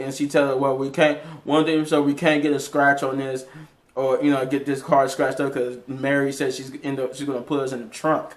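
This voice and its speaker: A man casually recapping a TV episode in a rambling way, with frequent restarts and fillers. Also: medium pitch. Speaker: TV episode reviewer.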